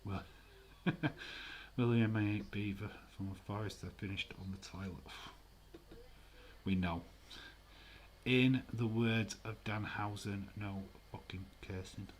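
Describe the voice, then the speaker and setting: A man's voice: lowish voice, fairly even intonation, slow, slight background noise. A man hosting a live stream, chatting casually in a rambling way, swearing freely and reading viewer comments aloud. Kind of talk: casual watch-along chat.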